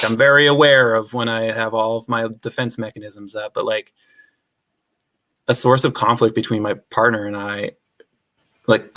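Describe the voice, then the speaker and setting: Rambling podcast guest, frank and casual. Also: male voice, lowish voice, fairly bright tone. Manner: rambling, heavy use of "like", frank and swears casually. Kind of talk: casual conversational podcast chat.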